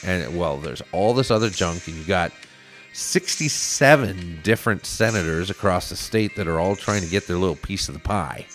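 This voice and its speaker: A man's voice: low voice, expressive, moderate pace, a bit bright, soft background music. A man hosting a political podcast, speaking earnestly as he urges listeners to get involved. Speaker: podcast host. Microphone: studio microphone.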